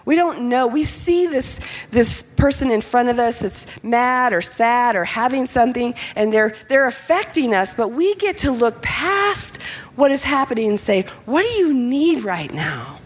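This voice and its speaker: A middle-aged woman telling personal stories to an audience, lively and candid. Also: on the high side, a little slow, in a large hall. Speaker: speaker. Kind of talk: personal storytelling talk.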